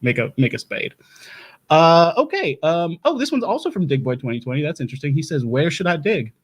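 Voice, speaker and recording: An actor playing an eccentric doomsday prep lecturer who hosts a comedy talk show, rambling and sometimes turning mock antagonistic. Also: male voice, a little high. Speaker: host.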